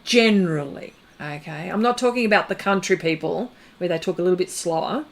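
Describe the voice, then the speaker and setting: A middle-aged Australian woman hosts an art livestream, chatting casually and rambling with her live viewers, full of fillers and restarts. Her voice is fairly low and a little fast.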